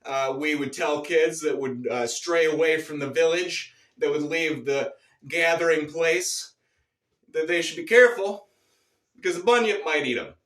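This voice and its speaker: A man telling a rambling, profane and boastful absurd story in a deadpan comic monologue. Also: on the high side, unhurried, reverberant, distant mic. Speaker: comedic storyteller.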